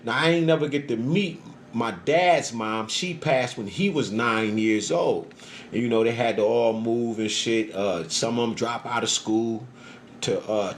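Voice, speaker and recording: A man telling a rambling, profanity-heavy personal story on a livestream, animated and emphatic, often acting out the voices he quotes. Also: a little hiss or hum. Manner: acts out voices in quotes, pitch jumping up. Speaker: social media livestreamer.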